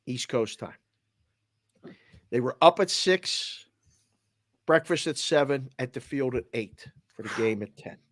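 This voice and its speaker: A man's voice: medium pitch, unhurried, long pauses, no room sound, clean studio sound. Man with a Boston accent telling a story. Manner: emotional, animated retelling with quoted voices. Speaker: sports betting show host. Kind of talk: casual storytelling.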